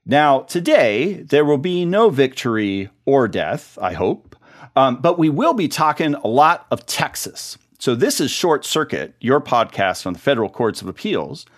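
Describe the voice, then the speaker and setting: Male podcast host, chatty and relaxed, with a lively, varied pitch. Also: a little slow. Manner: chatty, with fillers and restarts. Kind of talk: casual podcast chat.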